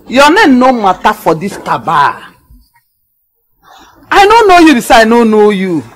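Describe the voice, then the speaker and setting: A woman's voice: a little high, big pitch swings, slow pace, exaggerated voice. An actress playing a shrewd, teasing market woman who banters with a mocking laugh, in a Nigerian accent. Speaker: bar or food seller called Mama.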